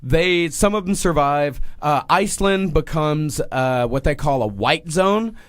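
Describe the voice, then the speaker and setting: Male co-host, eager storyteller, curses freely, slightly raised pitch. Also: animated, unhurried, dry recording. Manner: enthusiastic, swearing, retelling a book at length. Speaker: podcast co-host. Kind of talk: casual podcast chat.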